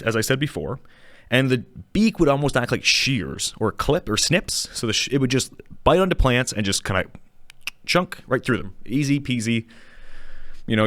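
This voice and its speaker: A man's voice: medium pitch, a bit bright, no room sound. A man hosting a casual educational show, rambling, correcting himself and chuckling as he explains. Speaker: show host. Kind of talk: casual educational talk on dinosaurs. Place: small studio.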